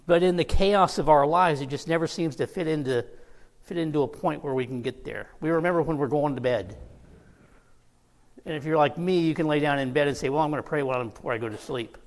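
A man's voice: on the high side, brisk. A man preaching a sermon, telling a personal story with laughs and easy asides. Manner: storytelling, laughing through anecdotes. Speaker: pastor. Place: church sanctuary. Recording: long reverb of a church hall.

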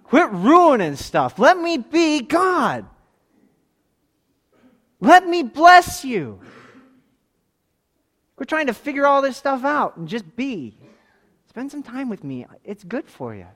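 A man preaching voices God as a stern yet loving deity, making slow, forceful declarations. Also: very high voice, huge pitch swings, pitched above the performer's own voice, exaggerated voice. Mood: commanding.

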